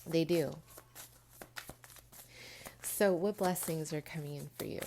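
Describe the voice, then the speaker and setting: A woman giving a pick-a-card tarot reading, earnest and emotional, talking straight to her viewers with many pauses and restarts. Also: low-pitched, vocal fry, background noise. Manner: earnest, emotional, addresses viewers as "you guys"; frequent restarts and fillers, pauses mid-thought. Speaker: tarot reader.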